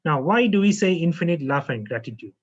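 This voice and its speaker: A man teaching as a naturopath, guiding a slow, calm relaxation lesson and repeating phrases with frequent okays. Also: on the high side. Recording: muffled lo-fi audio.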